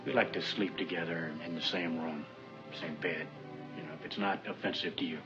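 A man's voice: low voice, steady tone, a little fast. An actor playing a stiffly polite middle-aged dentist meeting his girlfriend's father in a film trailer. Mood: earnest. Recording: muffled film trailer audio with music.

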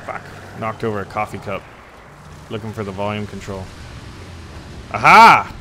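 A man giving casual gameplay commentary on a tank game, excitable and quick to burst into loud cursing. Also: on the low side, background noise.

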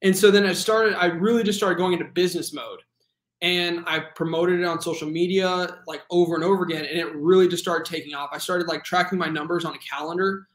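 A man in his twenties, a guest telling his story in a casual, earnest way, full of fillers and animated retelling. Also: high voice, a little fast, roomy sound. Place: home room.

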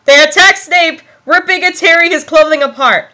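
A young woman reads a fan story aloud for comedy, breaking off to giggle and exclaim. Her voice is high and bright. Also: moderate pace, hardly any pauses. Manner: giggly, exclaiming, self-interrupting. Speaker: reader of fan fiction. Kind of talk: comic dramatic reading.

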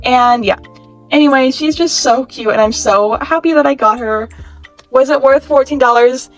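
A woman in her twenties chatting excitedly in a casual haul vlog, gushing and saying "like" often. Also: high voice, moderate pace, faint music behind. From California. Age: 20s. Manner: bubbly, gushing, chatty with many "like"s. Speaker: YouTuber reviewing toys.

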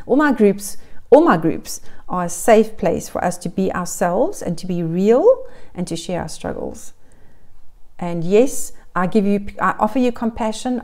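A woman's voice: on the low side, warm tone. A middle-aged woman giving earnest, encouraging parenting advice straight to camera, often repeating phrases in lists. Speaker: parenting coach. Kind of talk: direct-to-camera advice vlog.

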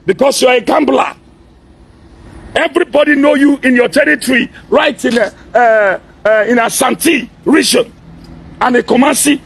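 A pastor delivers an impassioned warning at a very high pitch. His voice is rough and gravelly, heavily husky, and he keeps breaking into forceful shouts, hammering his listener with the same demand again and again. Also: normal speed. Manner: forceful, repeatedly shouting and demanding "are you hearing me".

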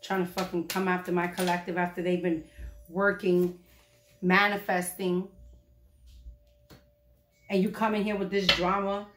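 A woman doing a casual tarot reading for her viewers, blunt, profane and animated. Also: fairly low pitch, a little slow, pauses often, over music. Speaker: tarot reader. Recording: echoey room.

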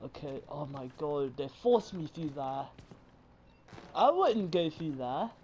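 Guy freaking out over a horror game, high voice, yelps and swears at the viewers. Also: big pitch swings, slow pace. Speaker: gamer. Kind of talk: horror game let's play commentary. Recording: loud game noise behind the voice.

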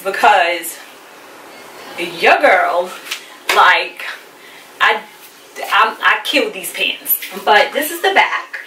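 A woman's voice: mid-range voice, expressive, slow, pushed and bright, reverberant, recorded from a distance, slight background noise. A woman chatting casually to camera about clothes she bought, candid and full of fillers, a little out of breath. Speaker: fashion haul vlogger. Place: busy room at home.

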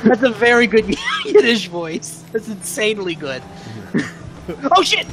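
A giggly, excitable player laughing and cheering with friends during a game. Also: medium pitch, a little slow, a crowd in the background, rough recording. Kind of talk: casual joking chat while gaming. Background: game music.

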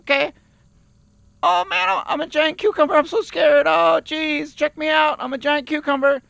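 An actor playing a nervous young male auditioner reading timid, halting lines. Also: very high-pitched, fairly even intonation, vocal fry, a bit bright, no echo, heavily acted. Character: nervous young man auditioner named Terry.

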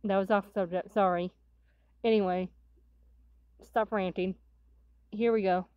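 Woman reaction host, rambling and chatty, slow talker, noisy home recording. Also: mid-range voice, fairly even intonation, muffled recording. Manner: rambling, chatty, full of fillers. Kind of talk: casual reaction commentary.

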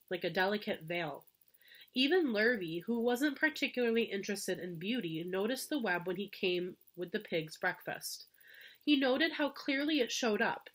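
A woman teacher reads a chapter book aloud to her class. Her voice is gentle and expressive and sits at a middling pitch. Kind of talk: storybook read-aloud for children.

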